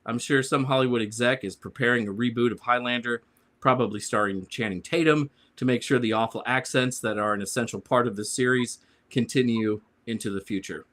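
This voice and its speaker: A man reads his own written movie takedown to a panel, at a middle pitch and dripping with sarcasm. His delivery is grumbling and deadpan, and each punchline lands dryly. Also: brisk. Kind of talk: reading a prepared comic review.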